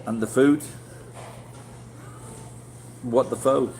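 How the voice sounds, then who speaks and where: A man's voice: medium pitch, steady tone, drawn-out words, a little mellow, a little hiss or hum, low-quality recording. A middle-aged man with a Yorkshire accent, chatting casually with live viewers in a rambling, blunt way and swearing freely. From Yorkshire, England. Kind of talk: casual livestream chat.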